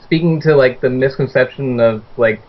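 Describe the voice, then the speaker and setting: A man's voice: medium pitch, slight background noise. Hesitant male caller asking a question. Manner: hesitant, halting. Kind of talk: asking a question on a call-in show. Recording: dull lo-fi audio.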